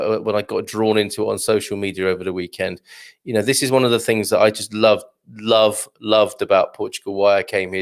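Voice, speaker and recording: Man, show host, wry and chatty, mid-pitched voice, thinks aloud. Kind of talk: live show commentary on news.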